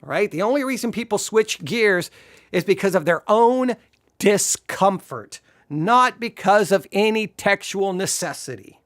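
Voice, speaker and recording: A man giving a sarcastic, exasperated commentary while reviewing a sermon, shifting between slow explanation and animated disbelief. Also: high voice, no echo, clean studio sound. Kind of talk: video commentary.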